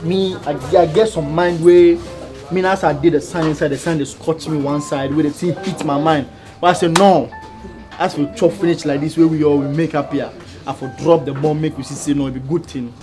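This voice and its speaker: A man's voice: fairly high pitch, fairly even intonation, fairly quick, over music, close to an everyday voice. A man speaking plays a scheming worker who has travelled from far away. He rambles and repeats himself as he tries to persuade others.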